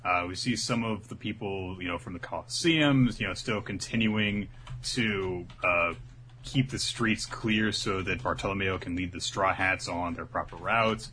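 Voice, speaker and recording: A man's voice: low voice, measured pace, slight background noise. A man co-hosting a podcast, recapping a comic chapter in casual chat and acting out the characters. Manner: animated, acts out characters. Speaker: podcast co-host.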